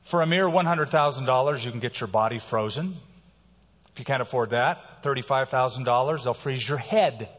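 A man preaching a sermon as a pastor, who swings between quiet, slow passages and loud, emphatic lines. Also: medium pitch. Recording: reverberant hall, dull sound.

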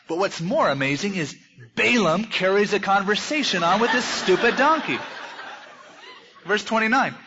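A man's voice: high-pitched, very animated, moderate pace, sharp tone, dull audio. A man preaching a sermon, telling a scripture story in a folksy way with humorous asides. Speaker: pastor.

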